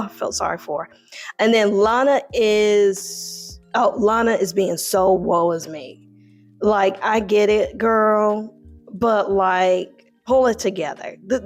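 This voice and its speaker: A woman with a Southern US drawl and twang, chatting through a casual, opinionated TV review into a handheld microphone. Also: mid-range voice. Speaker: TV show reviewer.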